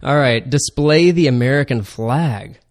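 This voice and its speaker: Slow, stressing man co-hosting a podcast. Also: mid-range voice. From Florida Panhandle. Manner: explains, slows down to stress numbers. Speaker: podcast co-host. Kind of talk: casual chat.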